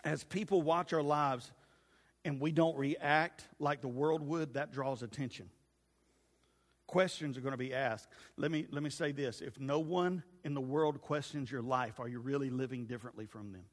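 A male pastor preaching an animated sermon, swinging from shouts to hushed asides. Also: mid-range voice, normal speed. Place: church sanctuary. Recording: long church reverb.

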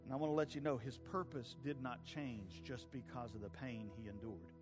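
A man preaching a sermon, swinging from hushed pleading to loud fervent peaks. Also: mid-range voice, fairly even intonation, normal speed, music in the background. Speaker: pastor. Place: church sanctuary with a congregation.

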